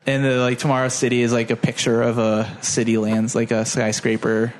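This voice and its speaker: A man's voice: mid-range voice, brisk. Rambling young man recapping a movie. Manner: animated retelling with lots of "like", puts on silly voices for characters. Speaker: podcast co-host. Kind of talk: casual movie plot recap.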